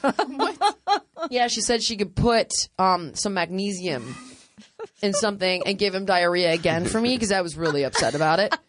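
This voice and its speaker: A woman host telling a funny travel story in casual chat, animated and laughing often, acting out other people's lines. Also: medium pitch, moderate pace.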